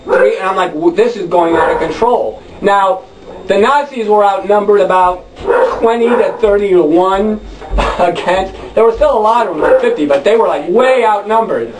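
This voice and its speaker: A man with a high, light voice tells a long, wry story on a club stage. He rambles and bursts into shouted chants. The echoey room is picked up from a distance. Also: expressive, moderate pace, noisy background. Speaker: spoken word performer. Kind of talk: live storytelling monologue.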